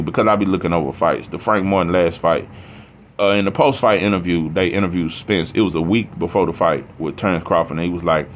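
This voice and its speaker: A man's voice: lowish voice, a little hiss or hum. A man talking boxing in a casual, heated, profane rant, rambling with restarts. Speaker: boxing commentator.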